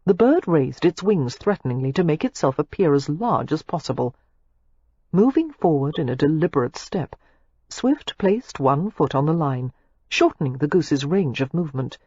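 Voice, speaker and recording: A woman narrating a romance audiobook in an expressive, measured storytelling manner. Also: sits low, slightly rough, no echo, lo-fi sound.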